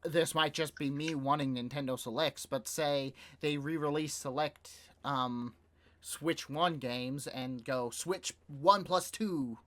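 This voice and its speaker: A man's voice: on the high side, slow pace, fairly bright tone. A young man co-hosting a casual podcast, rambling with fillers and laughing easily as he chats. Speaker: podcast co-host. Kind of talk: casual chat about video games.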